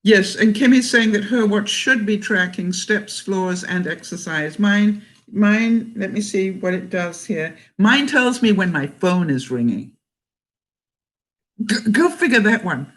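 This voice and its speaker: A woman's voice: medium pitch, animated, a little slow. An older woman from Canada, vlogging in a casual livestream chat, talking chattily, laughing often and reading viewer comments aloud.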